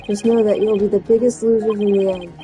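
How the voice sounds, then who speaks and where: A woman's voice: medium pitch, steady tone, brisk, mellow, highs cut off, lightly acted. A woman voicing a smug, scheming male thug who taunts and gloats. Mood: gloating.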